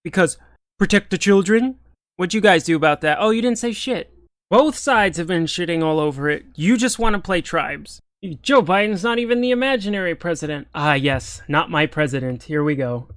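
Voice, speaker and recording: A man's voice: sits high, lively intonation, normal speed, a bit bright, dry recording. A man ranting in political commentary, exasperated, sarcastic and profane.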